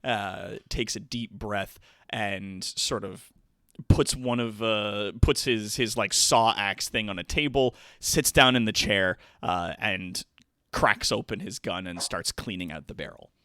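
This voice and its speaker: A man narrating as game master for a tabletop game, with a rambling, halting delivery full of fillers. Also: lowish voice, bright, forceful tone, no echo, studio quality.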